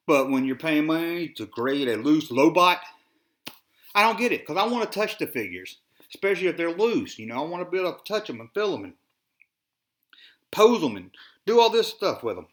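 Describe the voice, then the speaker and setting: A man's voice: a little high, sing-song, moderate pace, long pauses, fairly bright tone. A man from the Southern US with a Southern accent, rambling and ranting on a solo podcast, often sighing. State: dry mouth. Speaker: toy collector podcast host.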